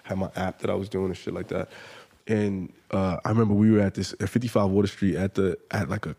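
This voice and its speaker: A man's voice: deep voice, quick pace, vocal fry, breathy edge. Profane New storyteller man. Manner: profane, animated storyteller, acts out quotes. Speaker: podcast guest. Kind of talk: casual storytelling chat.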